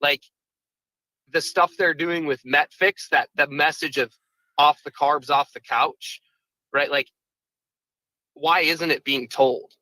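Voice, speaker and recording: Rambling young male caller, bright voice. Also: fairly high pitch, steady tone, takes it slowly, long pauses, dry recording, poor audio. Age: 20s. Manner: rambling, full of "like" and "right". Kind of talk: casual call-in chat.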